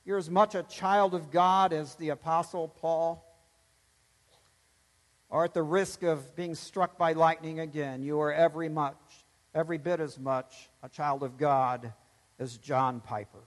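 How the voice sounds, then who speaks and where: A man's voice: a little high, steady tone, unhurried, long reverb tail. A pastor preaching a sermon, emphatic, swelling and dropping his voice to stress points.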